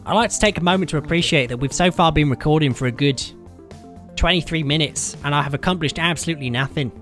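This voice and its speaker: A British man hosting a casual gaming session, loud and joking, often laughing and playing with mock slang. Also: fairly high pitch, fast, soft background music. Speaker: gaming YouTuber host.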